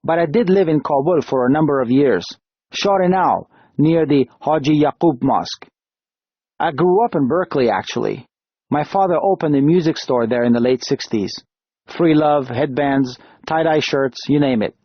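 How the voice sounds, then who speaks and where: A man's voice: a little high, moderate pace, breathy edge, no echo, lo-fi sound. A man voicing a chubby, affable middle-aged lawyer who talks in a chatty, apologetic way.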